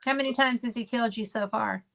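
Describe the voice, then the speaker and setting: A woman's voice: a little high, fast talker, gravelly, fairly bright tone. A woman hosting an interview show, chatting casually with her guest and reacting to his stories. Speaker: host.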